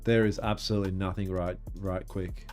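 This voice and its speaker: A man's voice: deep voice, little pitch movement, a little fast, a little mellow, soft background music. A young man, chatting casually and swearing while he trades live on stream. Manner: laid-back, swears casually, reacts and laughs at clips. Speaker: livestream trading host. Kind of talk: casual livestream chat.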